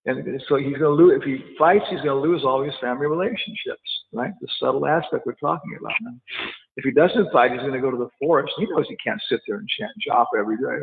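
A man's voice: medium pitch, fairly quick, vocal fry. A man teaching a casual scripture class, chatty, with laughing asides and quotes acted out. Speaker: spiritual teacher. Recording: tinny phone-like echoey hall.

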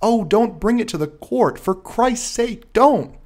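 Panicked young thief, crackling shrill voice, high and swooping, put on by a male reader. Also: very animated, normal speed, darkish tone. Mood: desperate pleading. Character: terrified young male hotel thief, pleading.

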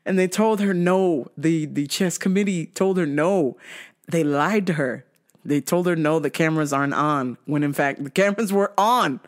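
A man hosting a casual comedy podcast, telling news stories with profanity and frequent laughter. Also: on the high side. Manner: profane, laughing often, storytelling. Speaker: podcast host.

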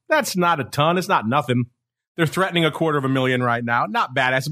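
A man's voice: on the high side, fairly bright tone. A man hosting a market podcast, playfully teasing his co-host and rattling off trading figures. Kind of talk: casual market show talk.

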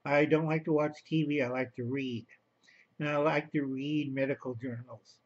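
A man's voice: on the high side, steady tone, moderate pace, dull audio. A man rambling through a home video monologue, talking to his viewers as boys and girls and calling himself by name in the third person. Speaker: vlogger.

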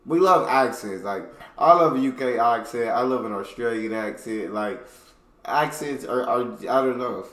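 A man's voice: mid-range voice, moderate pace, reverberant. An American man making a reaction video, chatting casually and enthusiastically to his viewers. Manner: relaxed, enthusiastic, says "bro".

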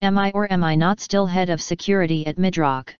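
A woman's voice: on the low side, fairly even intonation, a little fast, clean tone, no room sound, dull audio, natural voice. Woman reading a stern pony security chief. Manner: firm, commanding.

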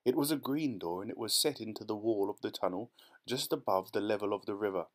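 A man narrating a children's storybook audiobook in a steady, expressive reading voice. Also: on the low side, brisk.

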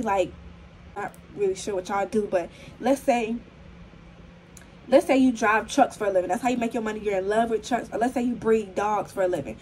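A young woman in her twenties, slightly hoarse, chatting casually to the camera in a vlog filmed on her phone at home, full of fillers and calling viewers y'all. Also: medium pitch, brisk, a little mellow, a little hiss or hum, low-quality recording. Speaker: vlogger.

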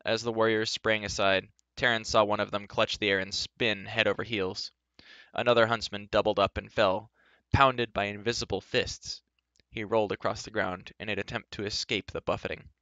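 Low, bright-toned man reading a novel. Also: clear, resonant tone, no room sound, muffled recording. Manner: steady storytelling with occasional word slips. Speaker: reader. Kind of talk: reading a fantasy novel aloud.

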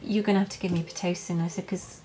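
A woman's voice: lowish voice, steady tone, dark tone, slight background noise, rough recording. Emotional woman telling her birth story. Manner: emotional, halting with many fillers and restarts. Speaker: vlogger. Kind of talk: personal birth story, casual.

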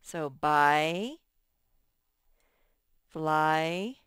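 A woman walks young children through a reading lesson at an unhurried pace. Her voice is smooth and crisp, with a patient, sing-song lilt. The sound is close and dry. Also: deep voice, a bit bright, dry recording. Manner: slow, patient, sing-song teacher delivery. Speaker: first grade teacher. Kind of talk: recorded classroom lesson.

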